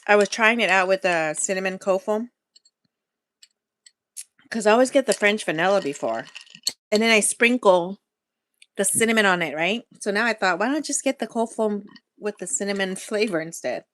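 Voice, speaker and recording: A woman's voice: medium pitch, normal speed, pauses often, a bit bright. A woman hosting a casual live-stream chat for her food channel, rambling and laughing often as she talks straight to her viewers while sipping coffee.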